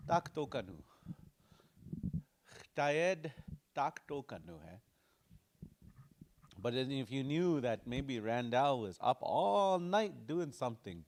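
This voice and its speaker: A man teaching a language class in a relaxed way, repeating phrases slowly and making jokey asides. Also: mid-range voice. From Dakota community.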